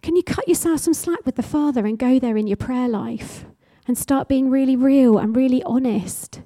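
Warm, fervent woman preacher. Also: high-pitched, normal speed, no echo. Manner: passionate, emphatic exhortation with repeated phrases. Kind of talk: sermon.

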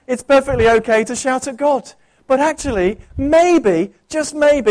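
A man preaching a sermon in an earnest, conversational way, often restarting his sentences. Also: high-pitched. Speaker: pastor. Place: church.

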